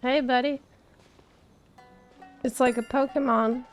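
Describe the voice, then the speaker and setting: A woman's voice: high voice, fairly even intonation, slow pace, faint music behind. A woman streamer chatting casually and laughing as she plays through a game. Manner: chatty and giggly, reacts to the game. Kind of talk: casual gameplay commentary.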